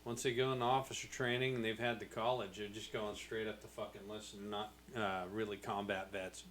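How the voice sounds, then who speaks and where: A man's voice: fairly low pitch, flat delivery, brisk, fairly bright tone, a little hiss or hum. A man hosting a casual podcast chat, blunt and dismissive, swearing freely. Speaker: podcast host.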